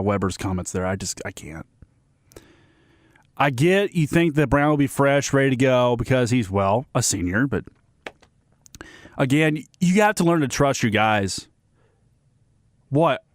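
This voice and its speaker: A man's voice: mid-range voice, dry recording, clean studio sound. A man hosting a sports radio segment, giving blunt, ranting opinions and often restarting and repeating himself.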